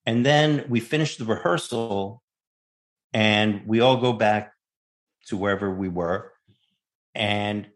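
A male actor, a guest, telling a casual anecdote and acting out the voices as he goes. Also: lowish voice. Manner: animated storyteller, acts out voices.

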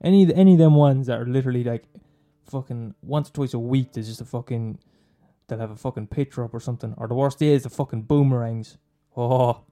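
A man's voice: mid-range voice, fairly quick, warm tone. A young man doing a profane, mocking comic rant, rambling and swearing constantly. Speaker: comedian.

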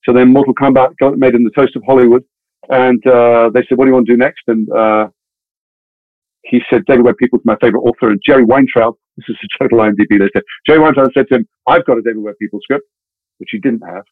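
In a dry, tinny, phone-like recording, a medium-pitched man speaks quickly and with lots of energy. He is an actor spinning a lengthy showbiz story in a relaxed interview, acting out every other character's lines.

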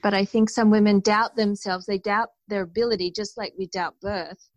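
A woman's voice: medium pitch, moderate pace, no echo, lo-fi sound. Earnest woman in a dry, close recording. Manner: earnest, animated storyteller. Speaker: guest. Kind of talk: conversational interview.

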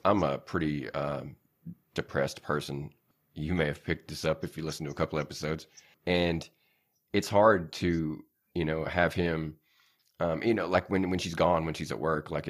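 A man hosting a casual podcast, profane and exaggerated in his venting, then candid about himself. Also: very deep voice. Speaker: podcast host. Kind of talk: casual chat.

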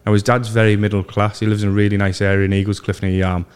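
A young man hosting a casual podcast, telling animated stories and mimicking voices. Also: lowish voice, racing, clean tone. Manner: animated storyteller, mimics voices in his anecdotes. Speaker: podcast host. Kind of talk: casual chat, storytelling.

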